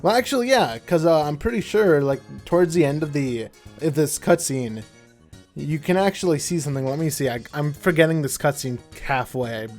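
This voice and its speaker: With lively intonation and a darkish tone, a young gameplay commentator speaks at a moderate pace in a slightly high voice. His casual let's-play talk is rambling and chatty, full of mid-sentence self-corrections. Faint music runs in the background.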